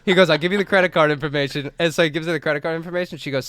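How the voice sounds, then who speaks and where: A man's voice: high voice, animated, quick pace, hardly any pauses, a bit bright, no room sound. A man co-hosting a podcast, telling a story in casual chat, acting out the quotes, swearing freely and laughing often. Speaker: podcast co-host.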